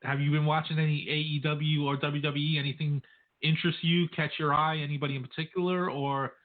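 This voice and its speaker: A man's voice: a little high, flat delivery, brisk. A man hosting a radio interview, laid-back, mostly answering with short agreements. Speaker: radio show host. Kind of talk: casual phone interview. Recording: tinny phone line with faint noise.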